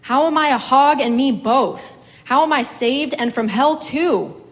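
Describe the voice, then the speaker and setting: A woman voicing a furious middle-aged farm wife who rails and shouts at heaven in a reading of a story. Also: medium pitch, expressive, normal speed, big-room sound, natural voice. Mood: fierce. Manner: fierce, indignant, shouting.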